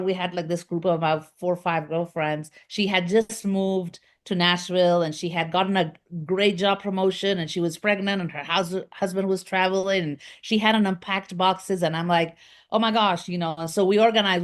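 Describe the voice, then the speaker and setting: A middle-aged Argentine woman whose voice sits a little on the low side, giving a casual interview. She rambles through her story with many fillers and restarts, her first language Spanish showing in her accent. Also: fairly even intonation, normal speed, few pauses. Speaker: guest, communications business founder.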